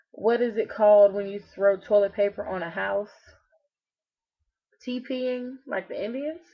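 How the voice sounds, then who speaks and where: A young woman from Virginia with a Southern American accent, casually vlogging and answering questions with sassy, joking asides. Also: mid-range voice. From Roanoke, Virginia. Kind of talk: casual self-recorded vlog. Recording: slightly muffled lo-fi webcam audio.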